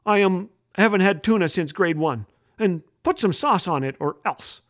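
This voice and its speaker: A man's voice: sits high, lively intonation, moderate pace, fairly bright tone. A man voicing a tough schoolyard bully boy who growls out blunt demands in a storybook reading. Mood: gruff.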